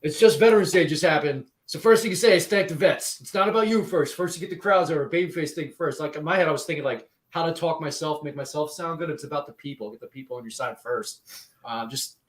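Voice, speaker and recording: A man's voice: fairly high pitch, fast, echoey room. A man co-hosting a casual podcast, telling stories in a chatty way and laughing often. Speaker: podcast co-host and wrestling promoter.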